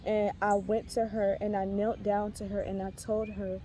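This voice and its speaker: A woman's voice: medium pitch, level tone, moderate pace, mellow, slight background noise. A pregnant young woman rambling earnestly with many fillers and restarts as she shares a faith testimony in a casual vlog. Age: young adult. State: heavily pregnant. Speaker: faith vlogger.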